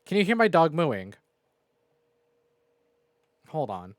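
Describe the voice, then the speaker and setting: A male streamer talks casually from home into a close microphone, swearing freely and rambling between jokes at his own expense. His voice sits a little high and jumps around a lot. The sound is dry, with no room echo. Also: big pitch swings, slow. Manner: profane, rambling and self-mocking. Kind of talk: casual game stream recap. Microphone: new desk microphone.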